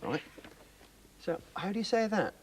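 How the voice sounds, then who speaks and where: A man's voice: high-pitched, very animated, moderate pace, slight background noise. A man with a Welsh accent presenting on a children's TV show, patiently teaching and encouraging. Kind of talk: children's TV lesson.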